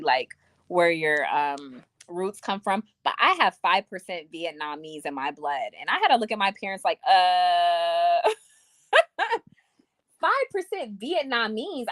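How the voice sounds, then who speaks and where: A young woman talking to her viewers on a home livestream, chatting casually and reading their comments aloud. Her pitch sits on the low side but swings around a lot. The sound is dry and close. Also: fairly bright tone, dry recording. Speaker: livestream host. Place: home room. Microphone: webcam or phone mic.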